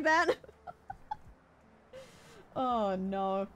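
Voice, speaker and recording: A woman's voice: mid-range voice, lively intonation, moderate pace, pauses often, a bit bright. A woman streamer chatting casually over a game, playful and giggly as she sounds out Japanese words.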